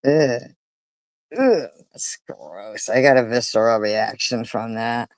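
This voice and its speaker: A woman's voice: extremely low pitch, slow, darkish tone, no room sound, rough recording. A woman hosting a livestream, talking in a profane, mocking and disgusted way. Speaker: livestream host. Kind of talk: casual livestream commentary.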